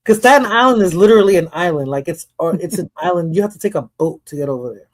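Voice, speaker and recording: A woman's voice: on the low side, animated, fast talker. A woman from the Bronx hosting a casual chat, talking loosely, laughing often and trailing off into mumbles. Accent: New York. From the Bronx, New York. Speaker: host.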